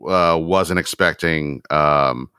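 A man's voice: rumbling low, slow, bright, forceful tone, smooth, no echo, clean studio sound. A man in his thirties co-hosting a casual podcast, easygoing and hesitant, with many fillers. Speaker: podcast co-host. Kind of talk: casual chat.

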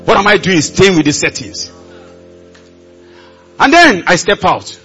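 High-voiced Nigerian preacher. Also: male voice, big pitch swings, unhurried, slightly rough, faint music behind. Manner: builds to shouting, leads call and response. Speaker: pastor. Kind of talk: sermon. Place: large conference hall.

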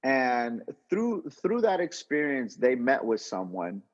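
Husky-voiced man telling a rambling story. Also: mid-range voice, slow, long reverb tail. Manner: animated, rambling, lots of restarts and slang. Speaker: interview guest, entrepreneur. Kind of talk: casual storytelling. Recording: dull lo-fi audio.

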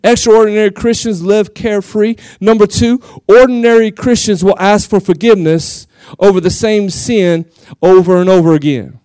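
Texan pastor guy, high voice, animated and jokey, dry close sound. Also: normal speed, clean tone, no echo. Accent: West Texas. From West Texas. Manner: animated, jokey, laughs often, acts out quotes. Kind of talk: lively sermon.

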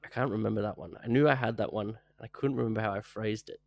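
A man's voice: lowish voice, steady tone, fast, vocal fry, darkish tone, no echo, clean studio sound. A man co-hosting a casual podcast, asking questions, hesitant and often laughing. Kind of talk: casual chat.

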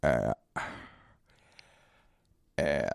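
Man, podcast host, slow and drawn out, profane, digressive, dry close sound. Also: a bass voice, vocal fry, a little mellow, smooth, no room sound. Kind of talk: rambling solo podcast storytelling. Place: hotel room.

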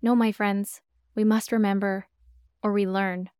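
A woman podcast host speaking reflective, heartfelt commentary straight to her listeners, gently urging them on. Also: medium pitch, flat delivery, unhurried, clean tone, dry recording, clean studio sound.

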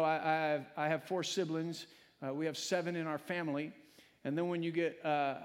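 A man preaching a sermon as pastor in a church, emotional and swelling from soft talk to loud preaching. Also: sits high. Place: church sanctuary. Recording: long hall reverb.

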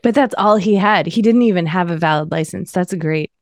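A woman's voice: on the low side, a little fast, no room sound, studio quality. A woman chatting on a podcast, blunt and sardonic, swearing freely. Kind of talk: casual podcast chat.

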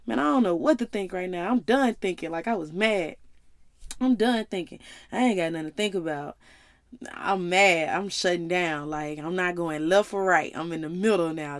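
A woman in her twenties hosting a casual podcast monologue, telling a personal story in an animated, slangy, conversational way and addressing listeners directly. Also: lowish voice, moderate pace, no room sound. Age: 20s. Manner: animated storyteller, acts out her own side of talks with God; slangy and conversational, calls listeners y'all and baby. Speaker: podcast host.

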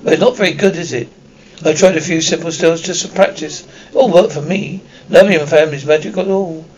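Male reader doing a bossy, rapid-fire schoolgirl witch for an audiobook. Slightly high, gravelly voice. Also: big pitch swings, a little mellow, a little hiss or hum, heavily acted, rough recording. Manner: talks very fast and bossily.

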